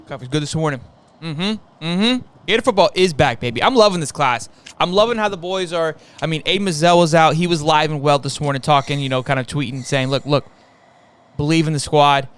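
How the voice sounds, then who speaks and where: A young man hosting a casual sports talk stream, energetic and repeating his words as he goes. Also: fairly high pitch, brisk, smooth. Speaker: host.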